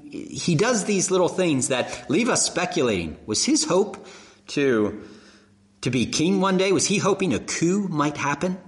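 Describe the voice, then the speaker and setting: A man preaching a sermon, telling the story with animated emphasis and rhetorical questions. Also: fairly high pitch. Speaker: pastor. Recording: echoey hall.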